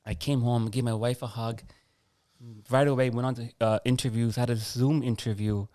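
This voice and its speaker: A man, a podcast guest, telling a personal story in an earnest, animated way and acting out past conversations. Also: mid-range voice, moderate pace, no room sound. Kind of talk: personal story in a casual interview.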